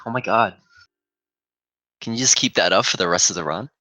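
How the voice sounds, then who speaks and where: A man's voice: lowish voice, a little fast, pushed and bright, dry recording, low-quality recording. A young man giving casual, joking commentary on a live speedrun and reading out chat as he goes. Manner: joking, rambling, reads chat aloud. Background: faint game music.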